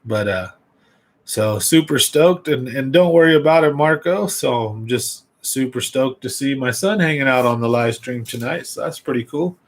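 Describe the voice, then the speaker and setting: A man's voice: medium pitch, expressive, moderate pace, low-quality recording. A man hosting a fishing livestream in a casual, rambling way, chatting straight to his viewers.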